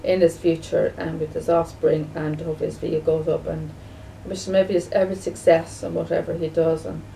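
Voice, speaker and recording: Gravelly woman, rambling. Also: sits low, level tone, a little fast, few pauses, warm tone. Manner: rambling, repeats herself, many restarts. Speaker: vlogger. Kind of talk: casual home video talk. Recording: distant mic with faint background noise.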